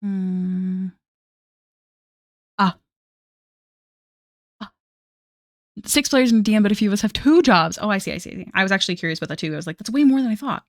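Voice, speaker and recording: A woman's voice: medium pitch, animated, a little fast, pauses often, no echo, clean studio sound. A woman streamer chatting casually on a live art stream, self-deprecating and laughing often.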